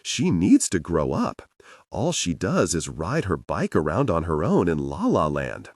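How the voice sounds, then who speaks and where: Brief: low-voiced male audiobook narrator, sardonic and lively, dry close mic. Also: a little slow, slightly rough, no room sound. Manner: sardonic, obsessive inner monologue. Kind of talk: first-person thriller narration.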